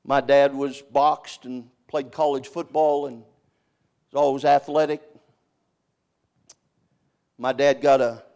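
An older man preaching a sermon, swinging between loud emphatic cries and hushed, quiet storytelling. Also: medium pitch.

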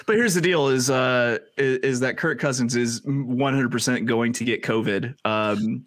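A man co-hosting a casual sports podcast, animated, with halting restarts and emphatic swearing. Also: medium pitch, no echo, studio quality. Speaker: podcast co-host.

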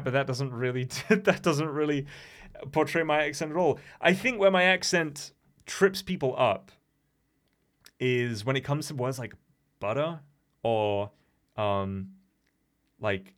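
A man's voice: medium pitch, a little slow, fairly bright tone. An English man with a slightly Americanized accent, hosting a solo podcast in a chatty, meandering way. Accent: English, with some American-sounding T's. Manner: chatty and meandering, with frequent fillers. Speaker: podcast host. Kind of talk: casual solo podcast talk.

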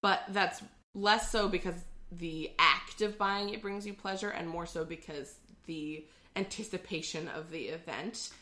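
A woman's voice: fairly low pitch, fairly even intonation, a little slow, hardly any pauses, bright, forceful tone. A woman co-hosting a podcast in casual chat, explaining where phrases come from, with lots of fillers. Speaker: podcast co-host. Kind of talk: casual chat sharing trivia.

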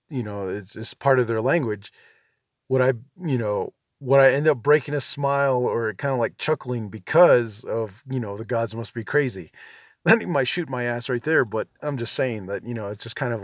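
A man's voice: mid-range voice, no echo. Laid-back rambling man with a dry sound. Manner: rambling, frequent "you know" and "um" fillers; laid-back, self-deprecating. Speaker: veteran podcast host. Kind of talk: casual monologue.

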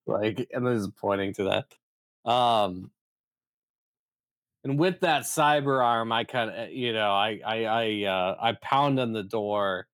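A man playing a tabletop game, talking haltingly with many fillers. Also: fairly low pitch, a bit bright, dry recording. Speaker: player.

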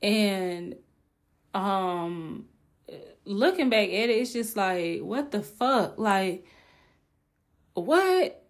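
A woman's voice: mid-range voice, lively intonation, extremely slow, long pauses. A young woman hosting a podcast, telling a candid, exclaiming storytime with plenty of swearing. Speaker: podcast host. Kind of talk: casual storytime monologue.

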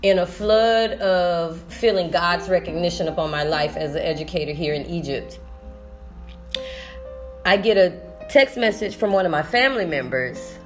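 A woman teacher talking through a personal vlog monologue, emotional and rambling, restarting her sentences often. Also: lowish voice. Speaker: sixth-grade teacher.

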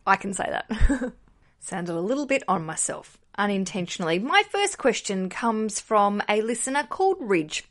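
A woman's voice: mid-range voice, animated, moderate pace, a bit bright. A young woman, hosting a podcast in a chatty, upbeat way and giving listeners advice. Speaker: podcast host.

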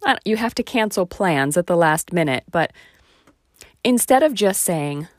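Her voice sits on the low side, animated yet measured in pace, captured dry with studio quality. She talks straight to viewers, reflecting aloud, teasing herself, and tossing out rhetorical questions.

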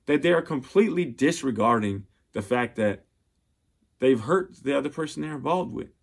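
A man's voice: mid-range voice, expressive, moderate pace, vocal fry, husky. Earnest male speaker, heartfelt advice-style monologue. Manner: earnest and heartfelt, many restarts and fillers. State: getting emotional. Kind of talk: personal motivational monologue.

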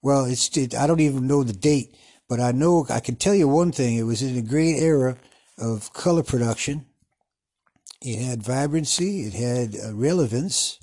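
A man hosting a podcast in a casual, rambling monologue, often losing his train of thought and restarting, with a husky voice. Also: medium pitch, moderate pace, mellow. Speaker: podcast host.

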